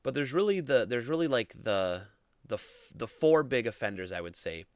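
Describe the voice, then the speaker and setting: A man's voice: mid-range voice, lively intonation, moderate pace, clear, resonant tone, no room sound, clean studio sound. A man hosting a casual solo gaming podcast, rambling with lots of fillers and restarts. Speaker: podcast host.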